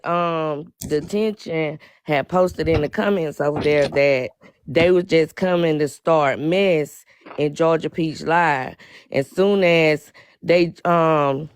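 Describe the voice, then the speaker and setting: A woman joining a live stream to pass on news, speaking haltingly with many fillers. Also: sits low, clear, resonant tone, no room sound, clean studio sound. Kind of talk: casual live-stream chat.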